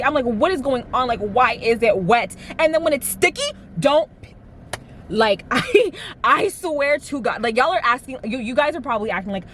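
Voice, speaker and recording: Chatty young woman with a fairly high voice. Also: a little hiss or hum. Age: 20s. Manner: chatty and dramatic, heavy use of "like", acts out quotes. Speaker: vlogger. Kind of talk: casual chat to camera. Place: inside a car while driving. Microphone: camera mic.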